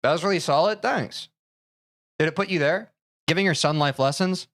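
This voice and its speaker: Bright-voiced young male streamer chatting. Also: on the high side, moderate pace, pauses often. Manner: chatty, counting aloud, talks to chat. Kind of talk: casual live-stream chat.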